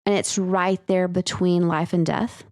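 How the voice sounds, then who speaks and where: A woman's voice: fairly low pitch, flat delivery, unhurried, a little mellow, dry recording. Chatty woman podcast co-host, dry sound. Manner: chatty, rambling, lots of "like". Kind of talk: casual discussion of listener stories.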